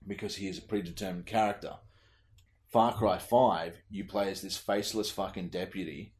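Aussie bloke, middle-aged, really low voice, swears a lot, chatting games on a podcast. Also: male voice, steady tone, normal speed, darkish tone. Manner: blunt, heavy swearing, laid-back. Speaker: podcast co-host. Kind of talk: casual gaming chat.

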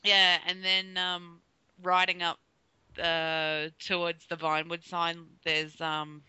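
A speaker in casual chat about a video game, relaxed and hesitant with many fillers. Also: mid-range voice, takes it slowly, clean tone, dry recording. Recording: dry dull lo-fi recording.

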